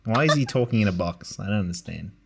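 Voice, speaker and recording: A man's voice: lowish voice, expressive, quick pace, gravelly, noisy background. A man hosting a podcast in casual chat, chatty and laughing often. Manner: chatty, laughs often, does playful voices. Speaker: podcast host.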